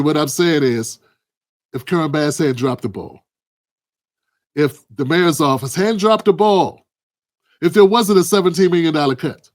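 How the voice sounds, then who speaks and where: A man hosting heated political commentary, blunt and emphatic with profanity. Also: sits high.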